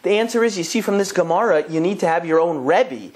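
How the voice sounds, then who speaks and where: Animated young rabbi teaching. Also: male voice, quick pace. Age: young adult. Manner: lively, emphatic storyteller with big pitch swings. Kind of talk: Torah lesson to an audience.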